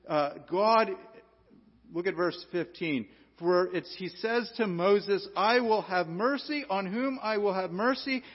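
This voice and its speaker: A man preaching a sermon, swinging from loud emphasis to hushed low tones. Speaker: pastor. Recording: dull lo-fi sound in a reverberant hall.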